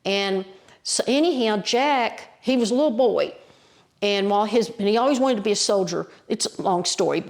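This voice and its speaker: A woman with an Appalachian accent, a guest storyteller, telling a story in a lively, folksy way with colloquial mountain phrasing. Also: medium pitch, moderate pace. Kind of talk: animated oral storytelling.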